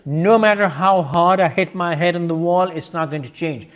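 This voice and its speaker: Emphatic high-voiced man hosting. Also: moderate pace. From Pakistan. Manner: emphatic, insistent. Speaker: host. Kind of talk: video-call discussion.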